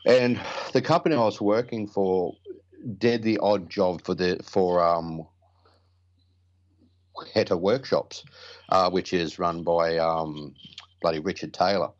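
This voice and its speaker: A man's voice: low voice, takes it slowly, long pauses, muffled recording. A middle-aged man telling rambling, blokey stories as an interview guest, swearing casually. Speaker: prop builder guest.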